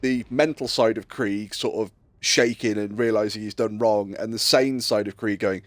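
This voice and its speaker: A man's voice: lowish voice, fairly even intonation, moderate pace, dry recording. Rambling man telling a game story. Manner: rambling storyteller, acting out quotes with fillers. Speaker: streamer. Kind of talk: casual chat while streaming.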